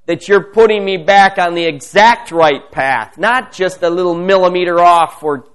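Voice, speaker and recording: A man's voice: sits high, moderate pace, a bit bright, clear, resonant tone. A man leading a spontaneous spoken prayer, fervent and repetitive in his petitions. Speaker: prayer leader.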